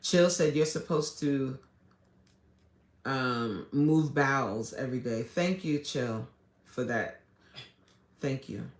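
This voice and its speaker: A woman's voice: a bass voice, slow pace, long pauses. A fitness coach, chatting casually on a live stream as she reads viewer comments and answers them. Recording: echoey room.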